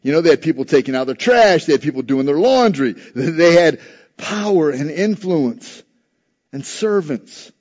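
A male pastor delivers a sermon in an earnest, plain-spoken way. His voice sits a little high for a man. The recording sounds muffled and lo-fi. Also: expressive, moderate pace, darkish tone. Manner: earnest, conversational preaching with acted-out quotes.

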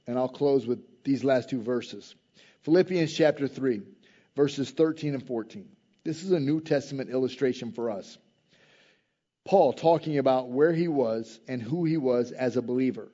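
A man preaching a sermon in a casual, conversational way, swinging from loud emphasis to quiet intensity. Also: fairly high pitch, muffled recording. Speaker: pastor.

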